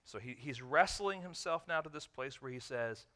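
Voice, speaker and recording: A pastor with an expressive, medium-pitched voice preaches a sermon, repeating key lines and posing questions to the listeners. He swings between loud emphasis and quiet, drawn-out phrases.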